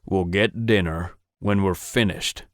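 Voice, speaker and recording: A stern ranch boss barks curt, bossy orders, voiced by a man. His voice sits fairly low. The sound is dry and close. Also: steady tone, a little slow, dry recording.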